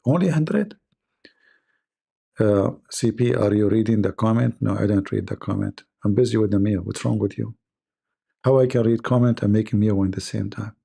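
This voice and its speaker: A man hosting a live show who mocks a video in sarcastic, halting, full of fillers and repeats. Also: on the low side, creaky, warm tone, slightly rough. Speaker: host. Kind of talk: mocking live commentary.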